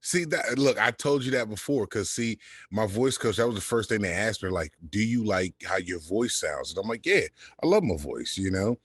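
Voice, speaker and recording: A man with a deep, smooth voice, chatting as a podcast guest and telling a laid-back story, swearing freely. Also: lively intonation, normal speed, no echo. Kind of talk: casual chat.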